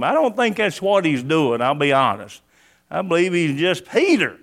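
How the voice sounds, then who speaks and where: A man preaching a sermon in a high voice. He reads scripture dramatically, with his voice leaping upward on key words. Between readings he drops into folksy, plainspoken asides. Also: measured pace, vocal fry. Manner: animated, dramatic scripture reading with sudden rises.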